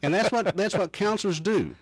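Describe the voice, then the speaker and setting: A middle-aged man, a counselor, talking in a folksy, measured way and telling anecdotes. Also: high voice, breathy edge, dry recording, poor audio. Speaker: counselor guest. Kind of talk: casual chat.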